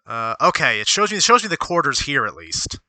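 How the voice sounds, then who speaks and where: A man streams casual commentary from a desk at home, his voice very bright and clean. The sound is dry and close. He rambles, reads aloud, and talks to himself, often stopping to correct a word. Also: mid-range voice, very animated, a little fast, no room sound. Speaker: streamer reviewing stocks.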